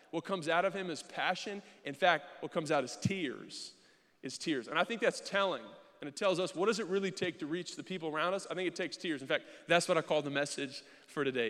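Joking young pastor in a reverberant hall. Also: male voice, a little high, fairly bright tone. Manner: conversational and joking, acts out his own inner voices. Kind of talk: sermon. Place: church sanctuary. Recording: long reverb of a large hall.

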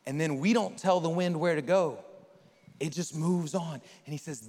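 A male pastor preaching a sermon with animated storytelling, speaking directly to his congregation in a church hall. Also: fairly high pitch, moderate pace, a little hiss or hum. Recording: long reverb in a hall.

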